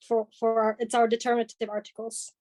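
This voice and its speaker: A woman's voice: on the high side, completely flat delivery, moderate pace, darkish tone, no room sound. A woman student in an online class, answering and asking questions hesitantly. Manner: hesitant, tentative.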